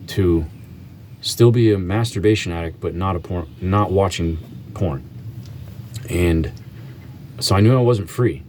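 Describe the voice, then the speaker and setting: A man vlogging an earnest faith testimony, halting often and restarting his sentences. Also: deep voice, a little mellow, slight background noise.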